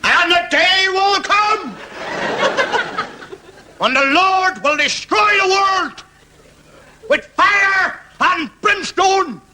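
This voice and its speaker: A man impersonating a fiery male preacher, bellowing a slow, drawn-out sermon about hellfire. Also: extremely high pitch, expressive, bright, forceful tone, slight background noise, pitched above the performer's own voice, heavily acted. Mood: thundering.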